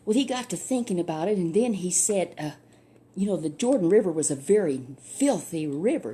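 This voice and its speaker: A woman's voice: fairly low pitch, lively intonation, brisk, warm tone, slight background noise. An older woman, a grandmother telling a Bible story to a child in a folksy, chatty way full of asides.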